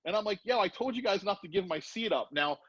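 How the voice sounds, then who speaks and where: Animated, swearing storyteller man, dull lo-fi sound. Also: high-pitched, fast talker, husky, no echo. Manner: profane, animated, acts out voices in anecdotes. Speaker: podcast guest, former BMX rider. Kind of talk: casual storytelling. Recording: dull lo-fi podcast audio.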